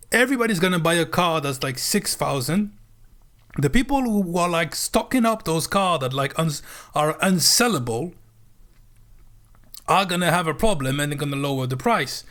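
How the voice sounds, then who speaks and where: Swearing man, slightly high voice. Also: a bit bright. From France. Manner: blunt, swearing, emphatic repetition. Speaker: streamer. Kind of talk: profane livestream rant.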